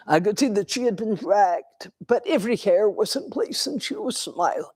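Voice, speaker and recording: An older woman giving a dharma talk in a temple, telling a personal story in a slow, reflective way with pauses. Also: medium pitch, lively intonation, darkish tone, slightly rough, no room sound. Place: temple hall.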